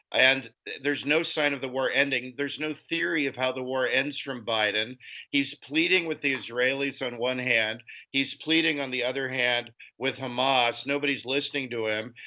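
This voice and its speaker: Brief: male political guest, sharp-toned and scornful, heard over a dull remote line. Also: medium pitch. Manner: forceful, scornful delivery. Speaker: guest author. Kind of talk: political commentary interview. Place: lives in Europe.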